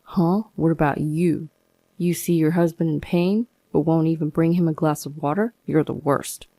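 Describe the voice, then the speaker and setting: A smug young husband scolds and brushes off his wife in a lowish, mellow, unhurried voice, as a woman narrator puts him on. He talks down to people and sounds dismissive. The recording is close and dry. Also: fairly even intonation, dry recording. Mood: irritated.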